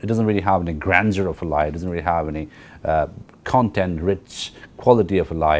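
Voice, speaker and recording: Lecturing on literature at a university, this man speaks in a low, darkish voice. His explanations run long, he circles back to key phrases, and he keeps asking the class "right?"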